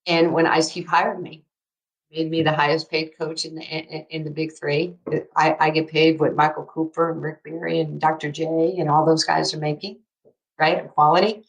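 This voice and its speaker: A woman in her sixties telling lively stories as an interview guest, acting out what others said and laughing often. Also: deep voice, moderate pace, vocal fry, poor audio. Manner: animated storyteller, acts out quotes, laughs often. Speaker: interview guest, basketball coach. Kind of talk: casual storytelling interview.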